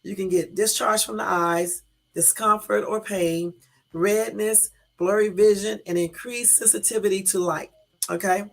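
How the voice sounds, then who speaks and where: A woman's voice: mid-range voice, steady tone, unhurried, gravelly. A woman hosting a casual live stream, reading out news and talking straight to her viewers with emphatic, exasperated asides. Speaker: YouTube live-stream host. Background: faint background music.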